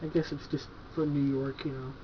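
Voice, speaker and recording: A man with a mid-range voice runs through horror films from his collection at home, relaxed, keen, profane, and full of "like" and "you know." His pitch barely moves and he talks fairly quickly. Background noise sits under a dull, lo-fi home video recording.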